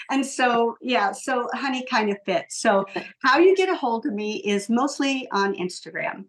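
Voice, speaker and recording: A woman's voice: on the high side, lively intonation, moderate pace, few pauses, poor audio. A woman in her sixties, a podcast guest talking earnestly in casual conversation, with many ums and restarts. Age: 60s.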